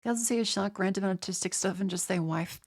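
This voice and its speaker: A woman's voice: mid-range voice, moderate pace. A young woman with an Australian accent and a nasal voice, stuttering through a rambling casual chat with her viewers while getting over a cold. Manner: rambling with many restarts. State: has a cold. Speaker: streamer.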